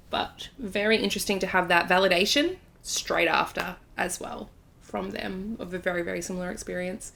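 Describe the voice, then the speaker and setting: A woman's voice: fairly low pitch, fairly even intonation, a little fast, gravelly, a bit bright. A woman hosting a podcast, chatting casually and telling a story with lots of fillers. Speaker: podcast host. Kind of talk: casual chat.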